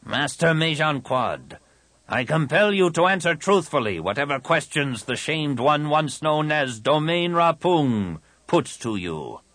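A man's voice: on the high side, lively intonation, a little slow, fairly bright tone, dry recording, pitched above the performer's own voice. A man voicing a cold, haughty alien military commander in an audiobook. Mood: commanding.

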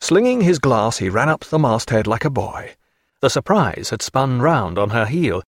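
A man reading a naval novel aloud as an audiobook narrator, measured and steady. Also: medium pitch, no echo, clean studio sound. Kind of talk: scripted narration.

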